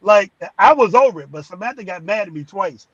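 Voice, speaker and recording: A man with a husky voice, a talk-show guest, telling a story in a joking, playful way. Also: high voice, lively intonation, brisk, lo-fi sound, over a noisy crowd. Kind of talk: casual talk-show chat.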